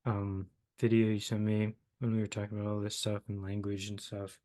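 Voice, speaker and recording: A young man with a somewhat low voice talks his way slowly through abstract ideas. He pauses often, drops in fillers and restarts as he hunts for the right words. The tone is a relaxed conversation. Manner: halting, searching for words, many fillers. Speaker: host. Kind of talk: casual philosophical conversation.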